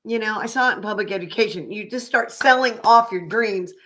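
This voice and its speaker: A woman's voice: medium pitch, a little fast, a bit bright. An older woman from Oklahoma, a psychic reader chatting casually on a livestream, rambling with fillers and restarts.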